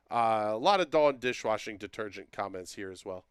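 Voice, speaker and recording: Male stream host, casual and jokey, smooth voice, dry close mic. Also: on the low side, expressive, normal speed, hardly any pauses, no room sound. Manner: joking, drawling, talks to viewers by name. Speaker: livestream host. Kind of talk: casual livestream chat reading comments.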